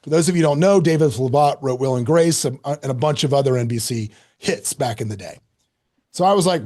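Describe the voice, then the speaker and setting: A middle-aged man telling a story as a podcast guest, lively and self-mocking, acting out quoted lines. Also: a little high, fast talker. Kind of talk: animated storytelling in an interview.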